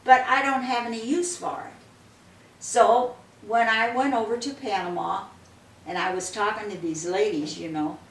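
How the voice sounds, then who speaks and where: A woman's voice: medium pitch, vocal fry. An older woman telling a story in a casual interview, rambling and repeating "I said" and "she said" as she goes. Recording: roomy and distant with faint background noise.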